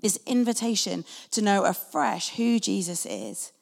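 A woman's voice: mid-range voice, big pitch swings, measured pace, gravelly, a little mellow. Woman preaching in an echoing hall. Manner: earnest, conversational preaching with acted quotes. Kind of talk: sermon. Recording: long reverb of a large hall.

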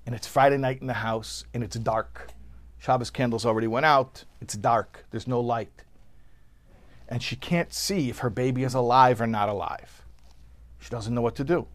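A Torah teacher with a medium-pitched voice delivers a sermon, shifting from hushed storytelling to loud, impassioned outbursts. He translates Hebrew phrases line by line.

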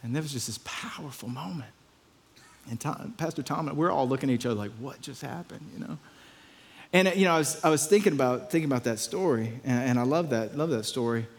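A man's voice: mid-range voice, fast, long reverb tail. A pastor telling a story in a conversational sermon, often repeating his words.

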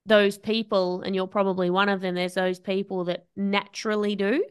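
A woman's voice: mid-range voice, flat delivery, normal speed, clean tone. A woman with an Australian accent, hosting a podcast and chatting reflectively, thinking aloud. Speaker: podcast host. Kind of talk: casual conversation.

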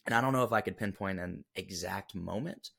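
A man's voice: deep voice, fairly quick, creaky, a bit bright. A young man, a podcast guest, telling a personal story in an earnest, emotional way with many fillers and restarts. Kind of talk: casual storytelling interview.

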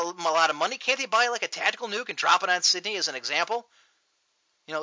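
A man hosting a show, ranting loudly and profanely in a mocking tone, recorded on dull lo-fi audio. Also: sits high, lively intonation, fast, dry recording. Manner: loud, profane, mocking rant. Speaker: podcast host. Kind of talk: ranting comedic talk show.

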